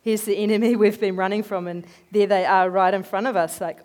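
A woman giving a conversational sermon, telling animated, chatty stories in an everyday voice. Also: mid-range voice, fairly quick, hardly any pauses. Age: adult, working as a head teacher. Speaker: lay speaker giving a talk.

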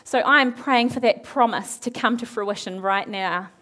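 A woman preaching a sermon, retelling a Bible story in a lively way, acting out the characters' lines and asking her listeners questions. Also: on the high side, normal speed. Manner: animated, acts out quoted characters, asks the audience questions.

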